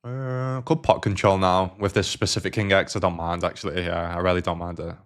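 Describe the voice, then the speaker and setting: A man's voice: low-pitched, level tone, brisk, fairly bright tone. Casual man streaming poker. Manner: casual, swears, talks to chat. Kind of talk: live-stream commentary while playing.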